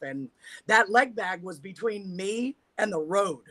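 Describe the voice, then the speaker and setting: A woman's voice: on the low side, normal speed, fairly bright tone. A woman guest on a talk show, telling candid stories about her riding trips with a laugh. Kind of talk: casual chat.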